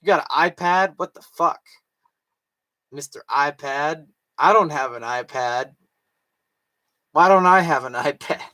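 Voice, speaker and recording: A man's voice: mid-range voice, sharp tone. A drunk young man chatting casually on a late-night livestream, swearing, slurring and laughing to himself. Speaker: streamer.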